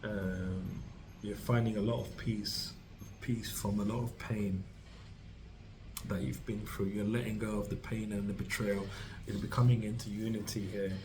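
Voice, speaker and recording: Tarot reader, male, low monotone voice, rambling delivery full of "like" and "you know", reassuring. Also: measured pace, background noise. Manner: rambling, full of fillers and restarts; reassuring, speaks directly to the listener. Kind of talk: tarot reading to camera.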